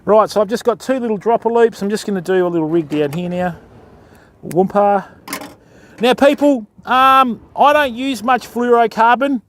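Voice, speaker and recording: High-voiced Australian man fishing live. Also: brisk, hardly any pauses, fairly bright tone, a little hiss or hum. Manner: greets chat viewers by name, chatty. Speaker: fishing livestream host. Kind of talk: live-stream chat while fishing. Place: outdoors on a beach.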